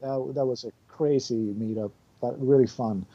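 A man's voice: medium pitch, steady tone, warm tone, lo-fi sound. A man who learned English as a second language, a composer guest chatting casually with many fillers and restarts. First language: not English. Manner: halting, many fillers, laughs often. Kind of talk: casual podcast chat.

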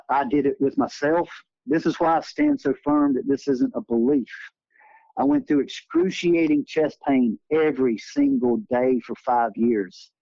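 A man's voice: fairly high pitch, gravelly, darkish tone, no room sound. A man in his forties, an energy healer and interview guest, telling spiritual healing stories in an earnest, emphatic way. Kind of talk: earnest conversational storytelling. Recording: dull lo-fi recording.

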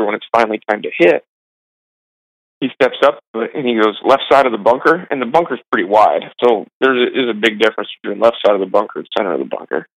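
A young man with a lowish voice tells long, rambling stories about caddying. He talks casually and keeps poking fun at himself. The sound is close and dry. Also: vocal fry, fairly bright tone, no room sound, poor audio. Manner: rambling, self-deprecating, quick asides. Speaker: golf caddie being interviewed. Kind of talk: casual storytelling.

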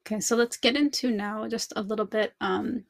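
Woman podcast host, reflective solo chat, creaky gravelly voice, dry close sound. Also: a little high, steady tone, brisk, no echo. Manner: chatty, reflective, many fillers and restarts. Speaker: podcast host, language teacher.

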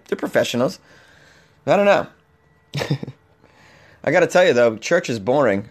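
A man hosting a comedic podcast, slightly hoarse, rambling and animated with frequent restarts. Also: mid-range voice. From Boston, Massachusetts. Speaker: podcast host. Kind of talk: casual comedic podcast monologue.

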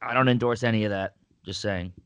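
Quick-talking man in dry sports banter. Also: lowish voice, fairly even intonation, smooth, no room sound. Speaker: sports podcast co-host. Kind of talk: casual sports chat.

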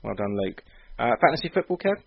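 Upbeat husky-voiced male podcast host. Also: mid-range voice, sing-song, fast, no echo, muffled recording. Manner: upbeat, laughs often. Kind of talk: casual chat.

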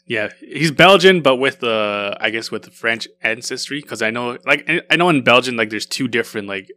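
Bright-voiced man in casual chat. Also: mid-range voice, lively intonation, normal speed. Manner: rambling, many restarts. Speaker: podcast co-host.

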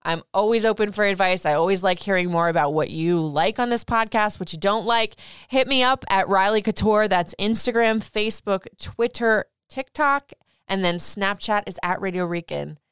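A young woman hosts her own podcast, speaking in a heartfelt, tearful way. Her voice is very smooth and clear, at a middle pitch. It is recorded dry and close, with no room sound. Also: normal speed, fairly bright tone, dry recording. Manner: emotional, tearful, addressing her young son directly. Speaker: podcast host.

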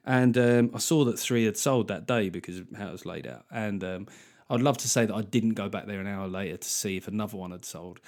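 A man hosting a solo podcast, ranting in an animated, sarcastic way and swearing freely. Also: lowish voice, fairly quick. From Manchester, England. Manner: animated ranting, swears freely, mocking put-on voices of critics. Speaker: podcast host and comedian.

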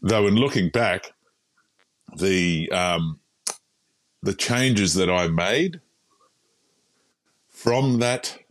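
An Australian man, a podcast guest, telling his story in a frank, animated, casual way with frequent restarts. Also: low voice, very slow, pauses often, dry recording.

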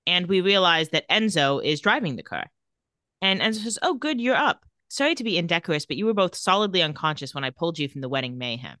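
Bright-voiced woman recapping a show. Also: on the low side, no room sound, studio quality. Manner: retells scenes quickly, reading out dialogue in a flat voice. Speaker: podcast co-host. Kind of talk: casual recap chat.

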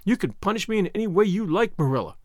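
Passionate, defiant orphan girl, read by a man, high and pleading. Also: sing-song, fast talker, darkish tone, dry recording, clean studio sound.

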